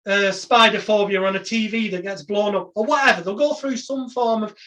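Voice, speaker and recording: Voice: medium pitch, a little fast, a bit bright. This is a hypnotherapy trainer running a live online lesson, talking to the class plainly and informally. Now and then the trainer breaks into snatches of hypnotic patter to show how it sounds. The sound comes through a video-call connection. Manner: conversational, demonstrating voice tones with hypnotic patter.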